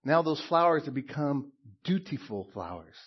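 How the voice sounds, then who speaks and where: A middle-aged man preaching a sermon as a pastor, slow and emphatic, dropping to hushed tones at times. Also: fairly high pitch, very animated, husky, muffled recording.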